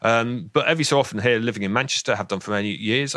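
A man's voice: mid-range voice, fast, fairly bright tone, no room sound, studio quality. A man with a southern English accent, a guest on a radio interview, explaining things eagerly and often repeating the first words of a sentence. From southern England. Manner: enthusiastic, explanatory, repeats words when starting sentences, laughs now and then. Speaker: expert guest on voice and speech. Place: radio studio.

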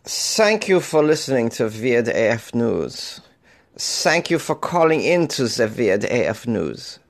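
A man hosting a solo comedy podcast, animated and over-caffeinated, swinging from loud jokes to muttered asides. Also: mid-range voice, slow. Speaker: podcast host.

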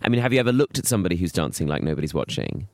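A man's voice: sits low, animated, racing. A man co-hosting a podcast, camp and teasing in casual banter. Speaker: podcast co-host. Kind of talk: casual chat.

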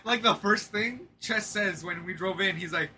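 A man's voice: sits high, moderate pace, sharp tone, a little hiss or hum. A man joking in a casual chat among friends, mimicking voices in his stories.

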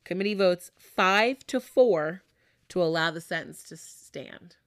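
A woman host recounts a story in a relaxed, chatty way, with lots of fillers. Her voice is on the low side and the sound is dry and close. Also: a little slow, no room sound. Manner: conversational, with frequent fillers and laughs. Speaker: podcast host. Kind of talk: casual storytelling chat.

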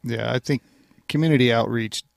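A man co-hosting a podcast, speaking in a measured, hesitant way. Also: medium pitch, vocal fry, no room sound, studio quality. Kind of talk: casual chat.

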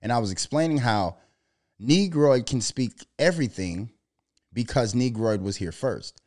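A man talking in a loose, profane monologue, telling animated stories and putting on mocking voices as he quotes people. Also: mid-range voice, a little slow. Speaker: podcast co-host. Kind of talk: casual monologue.

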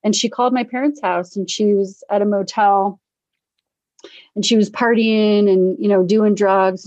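A middle-aged woman telling her recovery story in casual conversation, animated, acting out the voices of people she quotes. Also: mid-range voice, normal speed, no echo, lo-fi sound. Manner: animated, acts out quoted voices, laughs often. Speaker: guest sharing recovery story. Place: Denver area.

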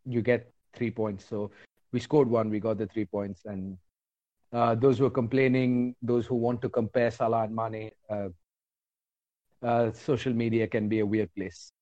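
A man co-hosting a football podcast, speaking in a measured, somewhat hesitant way. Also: mid-range voice, flat delivery, mellow, dry recording. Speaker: podcast co-host. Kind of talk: casual football call-in chat. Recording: dull dry podcast audio.

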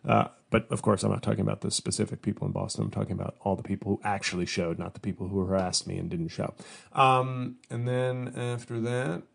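Male comic podcast host, low gravelly voice, loose rambling solo monologue. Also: steady tone, a little fast. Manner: rambling, self-interrupting, mock-whiny when imitating fans. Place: home studio.

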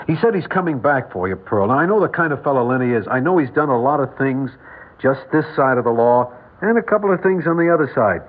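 Fast and expressive, a natural medium-pitched male voice delivers a hesitant, stammering 1950s radio drama role. The forties-aged actor portrays a shy, kindly bachelor who owns a filling station, with the tinny sound of an old radio broadcast.

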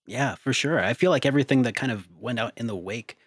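A man's voice: mid-range voice, fast talker, a bit bright, breathy edge, dry recording. Rambling man in dry podcast chat. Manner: rambling, hedging with "I feel like". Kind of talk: casual chat.

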